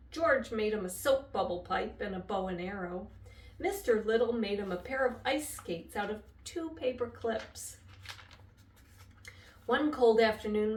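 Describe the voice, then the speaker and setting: An older woman reading a children's chapter book aloud with expressive, lively storytelling. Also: mid-range voice. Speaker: storybook reader. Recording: echoey room, voice from a distance.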